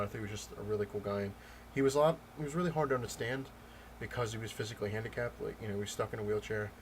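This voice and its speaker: A man vlogging about comics, telling a story in a loose, rambling way with many pauses and restarts. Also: fairly low pitch, a little hiss or hum. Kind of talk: casual storytelling rant.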